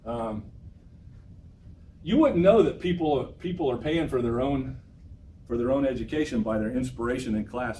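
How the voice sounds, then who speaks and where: Energetic professor lecturing from a distance. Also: male voice, mid-range voice, slight background noise. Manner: energetic, exhorting, repeats phrases. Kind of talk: classroom lecture. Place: college classroom.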